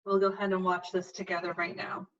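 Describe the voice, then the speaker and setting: A woman's voice: lowish voice, level tone, fast, a bit bright, highs cut off. A female teacher giving step-by-step directions in a recorded online lesson.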